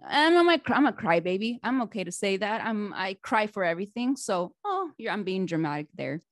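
A woman hosting a podcast interview, chatty and animated, laughing often and restarting her sentences. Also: mid-range voice, a little fast, no echo, clean studio sound. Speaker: podcast host. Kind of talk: casual interview chat.

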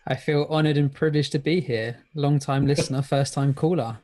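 A man's voice: on the high side, fairly even intonation, fairly quick, mellow. A man appearing as a polite, modest guest on a casual podcast over a video call. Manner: polite, modest, good-humoured.

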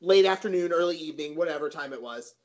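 A young man in his twenties slowly recalling an old weekend for friends, hesitating with many ums. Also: fairly high pitch, darkish tone. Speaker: podcast co-host. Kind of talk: casual storytelling among friends. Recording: muffled lo-fi podcast audio.

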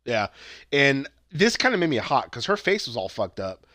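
A young man chats through a movie's plot with lively, swooping intonation, slipping into quick impressions of the characters. He swears casually. The recording is dry and close. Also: medium pitch, dry recording. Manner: animated retelling, acting out quotes, swearing. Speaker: podcast co-host. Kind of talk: casual movie review chat.

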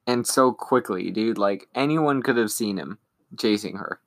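A man's voice: on the low side, measured pace. A young man co-hosting a podcast, casually retelling an episode and acting out characters' lines. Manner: lively retelling, acting out lines in silly voices. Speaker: podcast co-host. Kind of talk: casual recap chat.

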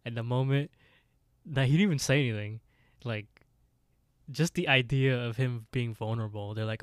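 A man's voice: moderate pace, pauses often, no echo, studio quality. A man co-hosting a podcast, recapping an episode in casual chat and laughing often. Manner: laughs often, quotes characters in high mocking voices. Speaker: podcast co-host.

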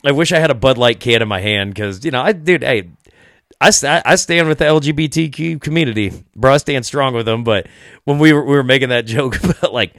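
A man's voice: mid-range voice, fairly bright tone, no echo, clean studio sound. A young man hosting a casual podcast chat, telling stories with lots of swearing and laughter. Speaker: podcast host.

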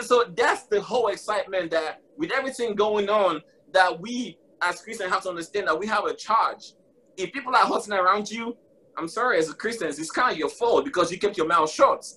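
Man, preaching live, emphatic and repetitive, husky edge, high voice. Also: bright, forceful tone. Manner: emphatic, repeats key phrases, calls out "y'all".

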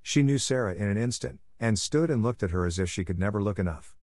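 A man reading a classic children's story aloud as a narrator, in a measured, even way. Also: on the low side, dry recording, studio quality. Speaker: audiobook narrator.

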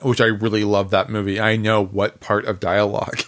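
A man's voice: fairly low pitch, little pitch movement, moderate pace, a bit bright. A man co-hosting a podcast, joking around in casual chat. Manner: playful and joking. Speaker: podcast co-host.

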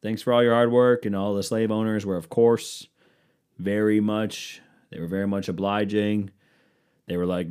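A male podcast host riffing alone in a lowish voice. He rambles from tangent to tangent, swearing freely and poking fun at himself. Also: little pitch movement, normal speed, darkish tone, clean tone. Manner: rambling, profane, self-mocking. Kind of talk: solo comedic podcast rant.

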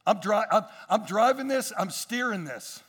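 A male pastor preaching a sermon, swinging between quiet asides and emphatic rises, with frequent repetitions and restarts. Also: high voice, expressive, normal speed, breathy edge, big-room sound.

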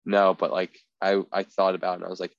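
A man's voice: low voice, completely flat delivery, fast talker, gravelly, clean tone, dry recording. Young man rambling in casual podcast chat. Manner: rambling, many filler words. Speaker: podcast co-host. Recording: dry, slightly dull podcast audio.

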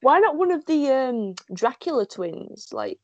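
A woman from the UK chats about meeting an actor, gushing and giggling as she tells the story. Her voice sits on the high side. The sound is dry and a bit muffled, like low-fidelity call audio. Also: very animated, measured pace, dry recording. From United Kingdom. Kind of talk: casual chat.

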